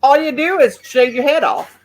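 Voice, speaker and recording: A woman's voice: sits high, expressive, normal speed. A woman, hosting a casual live-stream chat in a folksy, teasing way. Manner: folksy, teasing, calls people honey and shug. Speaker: host.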